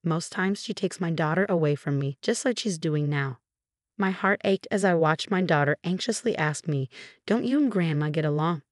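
A woman narrating a first-person story in an even, measured way. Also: low-pitched, no room sound, clean studio sound.

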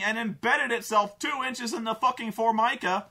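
A man's voice: sits high, lively intonation, moderate pace, pushed and bright, husky. A man ranting casually as a film reviewer, exasperated and profane, rambling with lots of fillers. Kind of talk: casual rant.

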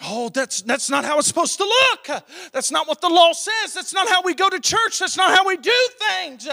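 A young male pastor delivers an impassioned sermon, his voice very high and gravelly with a sharp, bright edge. He swings from loud shouts down to hushed near-whispers. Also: lively intonation, moderate pace, no room sound, studio quality. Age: young adult.

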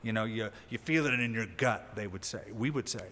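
Pastor preaching in a reverberant hall. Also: male voice, on the low side, fairly quick. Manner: conversational teaching with lively emphasis. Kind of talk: sermon. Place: church sanctuary.

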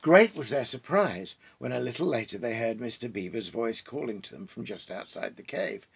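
A man reads a classic children's story aloud, gently and thoughtfully, with small pauses and restarts. His mid-pitched voice has a gravelly, husky grain. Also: animated. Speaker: reader and storyteller. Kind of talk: reading a children's book aloud.

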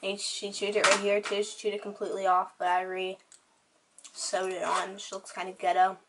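A woman's voice: mid-range voice, monotone, moderate pace, heavy background noise. A teenage girl talking through her things in a casual, rambling show-and-tell chat, with lots of "like" in her speech. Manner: chatty, rambling, heavy use of "like". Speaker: vlogger. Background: crying children.

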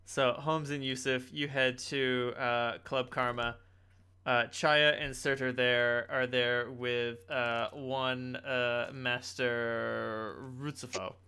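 Bright, clear-voiced game master. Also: male voice, medium pitch, flat delivery, takes it slowly. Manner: rambling, chatty, frequent fillers and swearing. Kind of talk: narrating a tabletop game.

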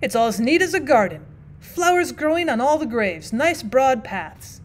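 A woman's voice: high voice, sing-song, moderate pace, a little hiss or hum. A woman voicing a feeble, tearful old man who pipes and quavers in a thin voice as he chats on. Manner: piping, quavering.

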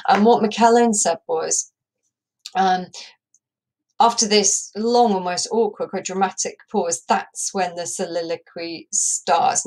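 A woman English teacher giving a recorded lesson over slides, explaining step by step and tapping out rhythms aloud with frequent ums. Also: on the low side. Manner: explanatory, says "um" a lot, taps out rhythms aloud.

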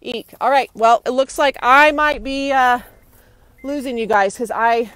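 A woman's voice: a little high, a little slow, a bit bright, clean tone, dry recording, rough recording. A young woman livestreaming on her phone outdoors, agitated and indignant, hurrying along and repeating herself. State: hurried, walking outdoors. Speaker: citizen livestreamer. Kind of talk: live phone stream. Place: outdoors near a courthouse. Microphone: phone held in hand.

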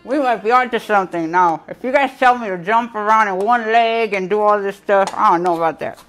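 A woman's voice: mid-range voice, fairly quick, fairly bright tone, faint music behind. A woman hosting a casual live cooking show, chatty and giggly, talking to her viewers with a piece of bread in her mouth.

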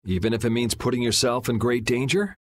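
Cool young male swordsman for a game, mid-pitched and detached, man voicing. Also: fairly even intonation, brisk, natural voice. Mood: wry. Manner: aloof and wry. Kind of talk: game voice acting. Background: game music.

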